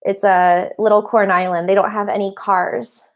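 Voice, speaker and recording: A woman in her thirties chats on a livestream in an easy, rambling way, reading out and answering viewer questions. She laughs often and sounds a little tired. Her voice sits at an ordinary middle pitch. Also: flat delivery, normal speed. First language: English. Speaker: livestream host. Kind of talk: casual livestream chat.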